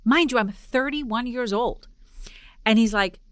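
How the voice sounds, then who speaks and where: A woman in her forties from Poland, hosting a podcast and telling a personal story in a lively way, acting out the dialogue. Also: on the high side, a little slow, no room sound, studio quality. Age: 40s. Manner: animated storyteller, acts out dialogue. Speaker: podcast host. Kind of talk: casual interview storytelling.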